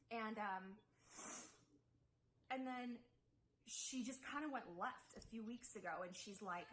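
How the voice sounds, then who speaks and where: A young woman with a fairly high voice talks straight to her viewers in a confessional vlog. She rambles, circles back, and fills her sentences with "like" while she defends herself. A faint hiss sits under the recording. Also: normal speed, fairly bright tone, poor audio. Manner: rambling, heavy with "like" and restarts; upset, defensive storytelling. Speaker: YouTuber.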